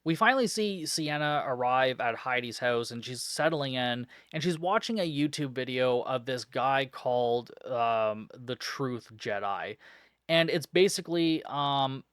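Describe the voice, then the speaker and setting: A man's voice: medium pitch, lively intonation, unhurried, a bit bright, clear, resonant tone, dry recording. A man with a mid-range voice rants through a movie recap, sarcastic and fed up, with profanity in nearly every sentence. His voice sits dry and close, with no room sound around it. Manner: exasperated, sarcastic, swears constantly. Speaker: podcast host reviewing a film.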